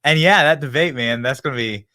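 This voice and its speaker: A man hosts a political talk show in a loose, rambling way, full of fillers and mockery. His voice is bright and sharp. The sound is dry and close. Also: mid-range voice, brisk, no echo. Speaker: host. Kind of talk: casual political interview.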